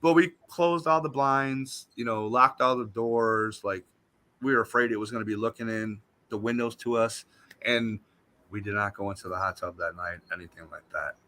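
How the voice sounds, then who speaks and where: A man, a guest on a talk show, telling a story in an animated, emphatic way. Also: lowish voice, moderate pace. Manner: animated, emphatic retelling that acts out what he said.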